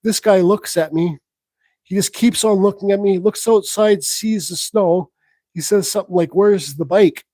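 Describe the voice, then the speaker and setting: A man's voice: high voice, normal speed, mellow, dry recording, poor audio. A man hosting a live Q&A on his woodcarving channel, telling stories in a rambling, frank way with swearing and restarts. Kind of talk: live stream Q&A, casual storytelling.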